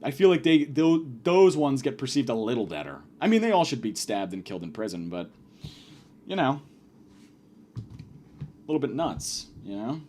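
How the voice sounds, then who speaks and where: A man's voice: medium pitch, big pitch swings, normal speed, pauses often, mellow, slight background noise. A man hosting a comedy podcast, telling stories in a profane, exasperated rant. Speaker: podcast host.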